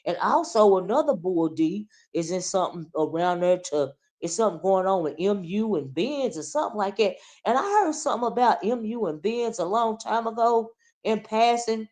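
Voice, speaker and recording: A woman's voice: mid-range voice, moderate pace, darkish tone. A woman hosting a casual gossip commentary stream, chatty and rambling, with speech and many fillers and restarts. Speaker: YouTube commentary host.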